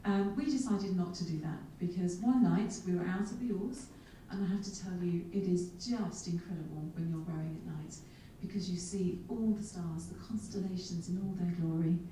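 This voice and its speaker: A woman in her thirties tells self-mocking adventure stories to a conference audience. Her voice is mellow and warm. It reaches a distant mic in a large, echoey hall, with faint noise behind. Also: on the low side, normal speed, few pauses. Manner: lively, self-mocking storyteller with comic asides. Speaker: keynote speaker. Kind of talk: humorous keynote storytelling.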